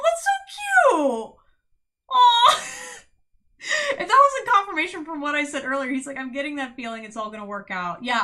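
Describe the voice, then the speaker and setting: Young female tarot streamer, casual and giggly, bright slightly high voice. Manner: bubbly, giggly, exclaims loudly, many "like"s.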